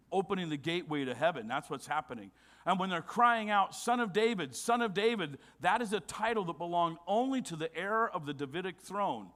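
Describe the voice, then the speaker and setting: Pastor, male, high-pitched, emphatic sermon delivery, often drops quiet and low for solemn points. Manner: emphatic, with rhetorical questions.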